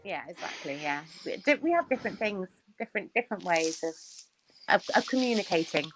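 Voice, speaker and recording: A woman's voice: lowish voice, lively intonation, a little fast, fairly bright tone, soft background music. A woman chatting casually as a guest, laughing often between her lines. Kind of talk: casual chat.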